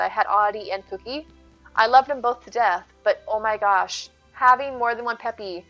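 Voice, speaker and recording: A woman's voice: mid-range voice, fairly bright tone, dull audio. A woman streamer chatting casually with her viewers, answering them by name. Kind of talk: casual live-stream chat.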